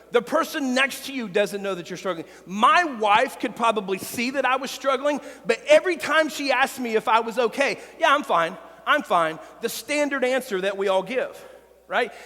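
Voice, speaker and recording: A man preaching a sermon as pastor, earnest and personal, with quiet confessional stretches. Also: sits high, big-room sound. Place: church sanctuary.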